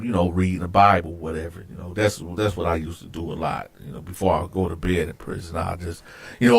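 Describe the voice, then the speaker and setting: A man hosting a show, telling a personal story casually, animated and profane, acting out scenes with loud outbursts. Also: lowish voice. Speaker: host.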